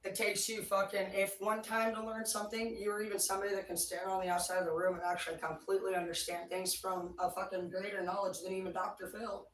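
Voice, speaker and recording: A woman's voice: mid-range voice, level tone, fast talker, few pauses, a bit bright, distant mic, slight background noise. A woman giving a casual tarot reading, blunt and rambling, swearing freely. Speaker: tarot reader. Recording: echoey room, voice away from mic.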